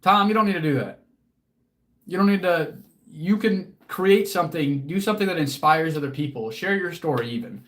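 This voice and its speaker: A man's voice: on the high side, fairly quick, fairly bright tone. A man hosting a casual livestream as a fitness coach, answering chat in an earnest, motivational way, casually swearing and close to tears.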